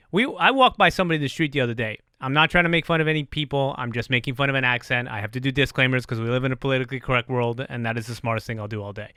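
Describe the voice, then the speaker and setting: A middle-aged man hosting a podcast, talking in an animated, profane, self-deprecating casual chat. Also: mid-range voice, no echo, studio quality. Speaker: podcast host.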